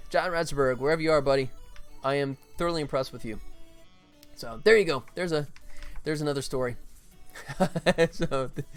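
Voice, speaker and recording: A middle-aged man casually telling anecdotes on a livestream, rambling with many fillers and tag questions. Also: medium pitch. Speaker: game developer streaming his work.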